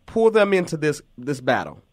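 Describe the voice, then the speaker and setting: A man's voice: a little high, sing-song, normal speed, a little mellow, dry recording. Emphatic man hosting a talk show. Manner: emphatic, encouraging, repeats words.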